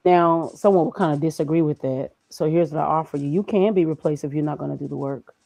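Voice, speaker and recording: A woman's voice: sits low, steady tone, quick pace, vocal fry, warm tone, no room sound, rough recording. A woman speaking as a guest in a conversational interview, emphatic and preachy, firing off rhetorical questions. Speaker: graphic designer and guest.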